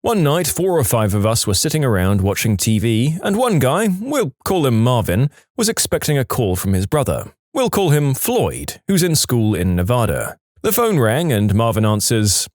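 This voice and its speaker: A man reads reader-submitted stories aloud in a scripted narration. His delivery is animated, and his pitch swings widely. The recording is close and dry. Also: moderate pace, hardly any pauses, no echo. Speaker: story narrator.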